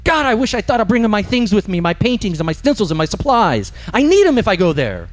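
A man's voice: high voice, big pitch swings, fast, pitched above the performer's own voice. A man voicing a proud, angry male ghost who was a painter, with a complaining, self-important manner. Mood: indignant.

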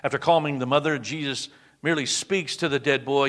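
A male preacher giving a dramatic sermon, dropping to a hush on quoted words. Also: medium pitch, fairly even intonation, fairly quick, big-room sound.

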